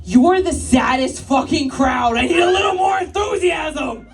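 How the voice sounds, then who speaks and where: A woman's voice: high-pitched, lively intonation, moderate pace, distant mic. Brash woman comic on a club stage. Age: 30s. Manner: brash, crude, loud crowd banter with frequent laughs. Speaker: stand-up comedian. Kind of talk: stand-up set with crowd work. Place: live club stage with audience.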